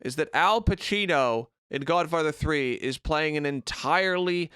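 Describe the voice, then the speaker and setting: Brief: high, clean-toned male podcast co-host, blunt and sweary, dry close sound. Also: normal speed, sharp tone, smooth, dry recording. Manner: opinionated, profane ranting. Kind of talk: casual chat. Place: remote recording.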